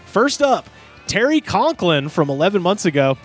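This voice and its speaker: A man's voice: sits high, sing-song, moderate pace, faint music behind. A man, co-hosting a casual comedy podcast, reading comments aloud and laughing often. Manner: laughs often, slips into silly put-on voices for comments. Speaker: podcast co-host.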